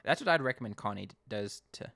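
Animated man retelling a story. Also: fairly low pitch, fast talker, creaky, no room sound, clean studio sound. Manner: chatty, animated storytelling with acted quotes. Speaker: podcast co-host. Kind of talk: casual episode recap.

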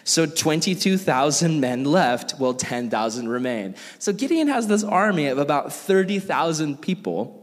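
Animated young man teaching in a hall. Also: fairly high pitch, normal speed, few pauses. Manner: animated, jokey, acts out quoted characters. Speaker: youth Bible teacher. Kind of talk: casual Bible teaching. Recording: echoey hall.

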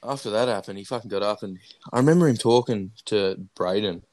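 A man's voice: lowish voice, fairly quick, darkish tone, a little hiss or hum. A young man hosting a casual podcast, telling a story to his mates with plenty of swearing and laughter. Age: young adult. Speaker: podcast host.

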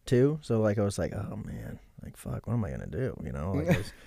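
On a close, dry mic with no echo or room sound, a man in his thirties tells a long story as a guest on a casual podcast. His lowish voice swings hugely in pitch at a fairly quick pace, gravelly, mellow and slightly rough, and he swears freely while voicing everyone's lines.

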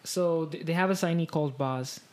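A woman's voice: sits low, brisk, a little mellow. A woman co-hosting a podcast in casual chat, laughing often and shrieking when amused. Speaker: podcast co-host.

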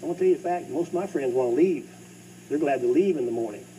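A middle-aged man preaching a sermon as pastor, swinging between loud bursts and hushed asides. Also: medium pitch, lively intonation, quick pace. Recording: distant mic with faint hum.

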